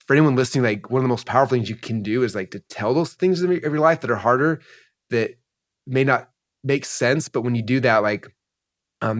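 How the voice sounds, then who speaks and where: A man's voice: fairly low pitch, fairly bright tone. A man in his forties, an entrepreneur guest in an interview, telling a personal story in a rambling, emotional way, full of "like" and "um".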